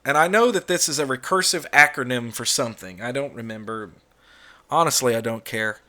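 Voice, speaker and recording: A middle-aged American man speaks in a bright, pushing voice, laying out blunt opinions in a casual solo vlog. He swears freely and talks straight to the camera. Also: medium pitch, a little fast. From United States. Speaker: YouTube channel host.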